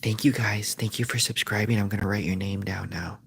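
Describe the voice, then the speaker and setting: A man hosting a comedic livestream, rambling in a deadpan way through mock sponsor pitches. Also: brisk, breathy edge. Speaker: streamer. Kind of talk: improvised comedic livestream rant.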